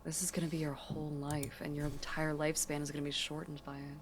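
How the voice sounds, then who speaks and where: A woman playing a hardened woman warrior in a tabletop game, speaking quietly and curtly. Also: deep voice, flat delivery, fast, background noise. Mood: gentle. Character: hardened woman warrior, guarded but softening.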